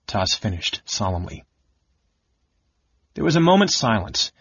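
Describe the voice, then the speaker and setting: A man narrating a fantasy audiobook with a steady, expressive reading. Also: lowish voice, a little slow, breathy edge, no room sound, highs cut off. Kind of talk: scripted narration.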